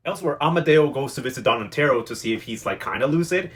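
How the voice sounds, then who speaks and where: Young guy doing a sassy soap recap, talks super fast. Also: medium pitch, expressive. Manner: chatty, sassy, slangy commentary. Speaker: recap vlogger. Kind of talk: casual episode recap.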